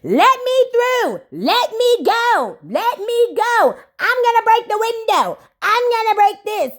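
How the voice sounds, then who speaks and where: A woman's voice: extremely high pitch, big pitch swings, slow pace, pitched above the performer's own voice, full character voice. A woman putting on the voice of a frantic woman who is being held back and demands to be let go.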